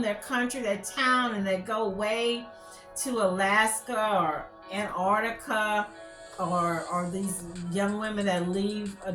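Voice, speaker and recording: A woman's voice: medium pitch, fairly bright tone. A woman hosting a casual commentary vlog, chatty and gossipy, rambling with lots of fillers. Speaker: YouTube channel host. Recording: echoey room with faint music.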